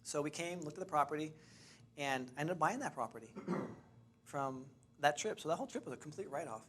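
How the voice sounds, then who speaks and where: A man's voice: fairly high pitch, brisk, a little hiss or hum. Chatty man teaching a class. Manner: animated, chatty, restarts and laughs. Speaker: real estate investing trainer. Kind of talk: lively storytelling to a class.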